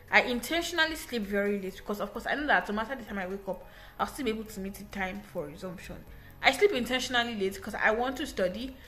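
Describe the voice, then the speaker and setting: A young woman retells a personal story in casual, animated bursts, often restarting her sentences. Her voice sits fairly high and sounds bright and forceful. Soft music plays faintly underneath. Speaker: English teacher.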